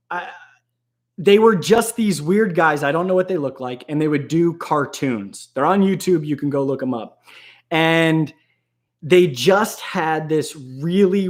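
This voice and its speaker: Host: man, casual live-stream talker, rambling, laughs often, slightly high voice.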